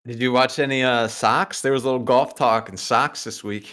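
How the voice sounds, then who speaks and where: A man's voice: mid-range voice, steady tone, moderate pace, a bit bright. A man co-hosting a podcast, chiming in with short dry asides in casual chat. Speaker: podcast co-host.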